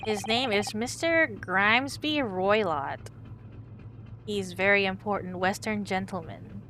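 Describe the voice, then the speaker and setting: A woman puts on a gruff, proud sailor guarding a ship's cabins, barking out broken English. His voice sits at a middling pitch, blunt and dismissive. Steady noise hums under the recording. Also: measured pace.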